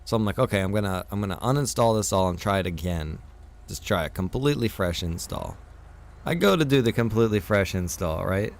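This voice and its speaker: A man's voice: lowish voice, animated, fairly quick, vocal fry. A man talking casually to his stream viewers, venting and swearing while he tells a frustrated story. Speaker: streamer and server owner.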